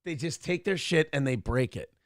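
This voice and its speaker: A man's voice: fairly high pitch, animated, normal speed, no echo, studio quality. A man hosting a casual morning show, ranting with profanity and self-deprecating humor. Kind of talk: casual podcast rant and chat. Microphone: headphones and clamp-mounted desk microphone.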